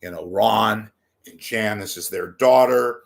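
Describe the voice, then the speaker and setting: A man's voice: lowish voice, measured pace. A man talking into the camera in a rambling, jokey commentary, swearing and drifting between asides. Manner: jokey, digressive, swearing, bursts into silly voices. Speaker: commentary vlogger. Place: home room with TV monitor behind.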